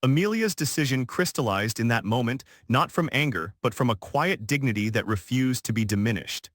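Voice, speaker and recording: Brief: male narrator, scripted story reading, even and steady, mid-range pitch, dead-dry recording. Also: normal speed, dry recording.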